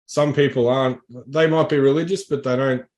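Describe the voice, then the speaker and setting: A man's voice: mid-range voice, steady tone, fairly quick, darkish tone. A man, a guest musician, chatting casually on a podcast in a rambling, laid-back way with many fillers. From Australia.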